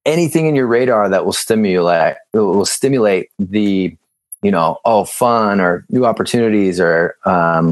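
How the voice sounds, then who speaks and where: A low-pitched man chats as a podcast guest, bouncing into playful stories and mimicking the people in them. He laughs easily and talks in a loose, upbeat way. The sound is dry and close, with no room around it. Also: no room sound. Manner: animated storyteller, acts out dialogue, laughs often. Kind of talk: casual interview chat.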